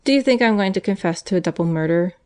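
A defiant young male prisoner who growls and sneers at his jailers, as a woman reading an audiobook puts him on. His voice sits low and gruff in a storybook reading. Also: lively intonation, quick pace, a little mellow, lightly acted.

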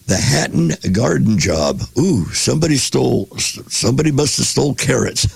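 A man's voice: medium pitch, big pitch swings, normal speed, gravelly, slightly rough, no room sound. A man hosting a casual podcast, reading passages aloud and breaking off to joke and react. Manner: reads passages then jokes and reacts.

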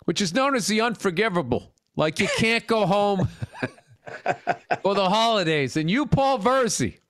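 Podcast host, male, high-pitched, crude and ribbing, dead-dry recording. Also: unhurried, no room sound. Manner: profane, ribbing, animated storytelling. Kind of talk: casual sports chat.

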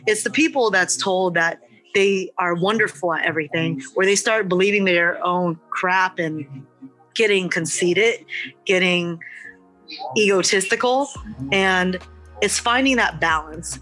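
Woman guest, earnest and blunt, mid-range voice, soft music behind. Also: medium pitch, a little slow, rough recording. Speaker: wrestler, podcast guest. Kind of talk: candid interview talk.

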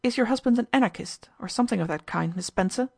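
A woman's voice: on the high side, quick pace, gravelly, voice pushed up. A woman reading the part of a bold, determined young American woman who presses hard with cool, commanding questions. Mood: pressing.

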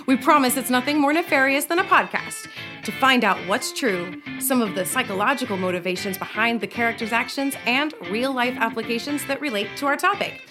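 Amused woman podcast co-host. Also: fairly high pitch. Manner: playful, amused reactions. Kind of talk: casual chat.

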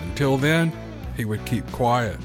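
A man reading a story aloud as a narrator, in a steady, measured manner. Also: mid-range voice, over music. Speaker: audiobook narrator. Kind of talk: scripted narration.

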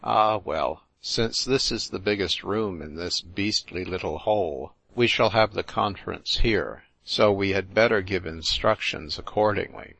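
A man's voice: sits low, unhurried, creaky, few pauses, fairly bright tone, no room sound, full character voice. A man reading the lines of a grave, sulky German prince who speaks curtly. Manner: grave, curt.

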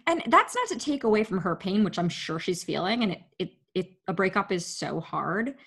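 A woman's voice: medium pitch, sing-song, normal speed, gravelly, a bit bright, breathy edge. A woman co-hosting a podcast, chatting bluntly and expressively with laughing asides. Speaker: podcast co-host. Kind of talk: casual chat recapping reality TV.

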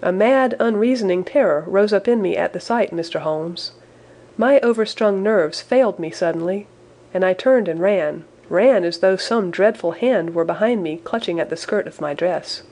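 A woman narrating a classic story in the first person, with measured, expressive storytelling. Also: mid-range voice. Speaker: audiobook narrator.

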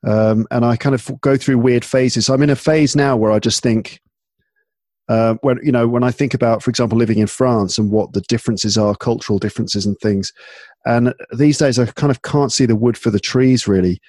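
A man's voice: medium pitch, a little fast, no echo. A man from England hosting a podcast, talking casually with lots of fillers and restarts. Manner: relaxed, chatty, frequent fillers and restarts. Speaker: podcast host and English teacher.

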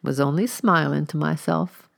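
A woman reading the part of a meek, dingy young housemaid who answers in short, plain-spoken replies, pitched higher than her narration. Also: normal speed, creaky.

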